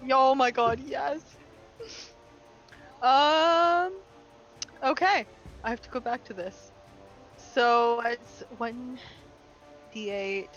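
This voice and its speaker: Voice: high-pitched, very slow, long pauses, a bit bright. A player in a tabletop game, eager and chatty, often restarting sentences. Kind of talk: casual tabletop play. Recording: dull lo-fi stream audio with faint music.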